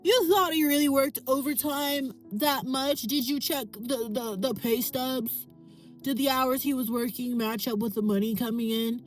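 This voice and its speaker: A woman's voice: sits high, fairly even intonation, faint music behind, voice pushed up. Woman playing a smug, scolding accuser. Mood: accusing. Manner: slow, scolding interrogation.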